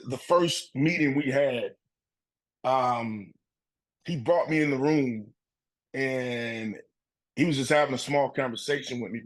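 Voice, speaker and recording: A middle-aged man and former football player, telling animated stories in a casual interview, acting out his coaches' voices and laughing often. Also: mid-range voice, poor audio.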